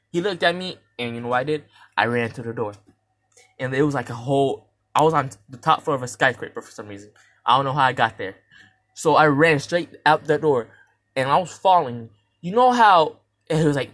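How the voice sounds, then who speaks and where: A young man hosting his first podcast, retelling a dream in a casual, rambling way with slang and restarts. He acts out his own reactions, jumping suddenly from loud, high shouts to quiet mutters. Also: moderate pace, pauses often. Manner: animated retelling that acts out his own reactions with big jumps in pitch and loudness. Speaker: podcast host. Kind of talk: casual dream storytelling monologue.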